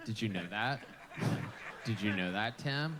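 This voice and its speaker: A man's voice: lowish voice, lively intonation, measured pace. A man hosting a live comedy show, roasting a guest with crude teasing questions. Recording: noisy live show recording.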